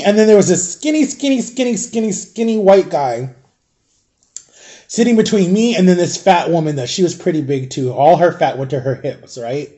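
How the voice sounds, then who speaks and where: A middle-aged man chatting in a casual storytime vlog, rambling along and clearing his throat often. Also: on the high side, warm tone. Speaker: vlogger.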